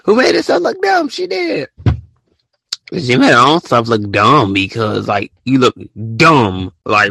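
A man hosting a live audio show, ranting in casual slang and often jumping into high, mocking quotes. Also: sharp tone, no room sound, studio quality. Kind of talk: casual rant to listeners.

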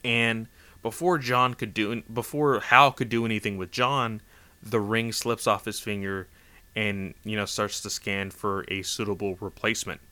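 A man walks through a story in a loose, rambling way, filling gaps with casual fillers. His voice sits a little low and has a bright, forceful tone. He takes his time. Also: a little slow, smooth. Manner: rambling, animated, lots of "like" and "you know". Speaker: comic book recap host.

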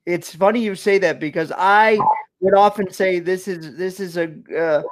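Halting, emotional male interviewer. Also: high-pitched, fairly even intonation. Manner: halting, repeats words, gets emotional. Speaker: interview host. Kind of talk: casual interview chat.

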